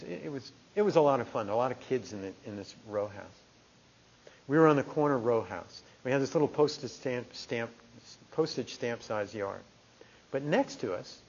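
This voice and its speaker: A middle-aged man from New Jersey giving a meditation talk, telling a personal story in a lively conversational way. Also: mid-range voice, a little hiss or hum. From New Jersey, USA. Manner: conversational, animated storytelling with restarts. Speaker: meditation teacher. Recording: dull lo-fi talk recording.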